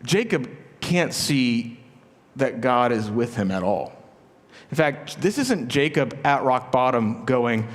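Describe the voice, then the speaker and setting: Speaking slowly but with plenty of animation, this medium-pitched man preaches as a pastor, joking and chatting with asides and rhetorical questions. The recording comes from a large church sanctuary and carries a long reverb.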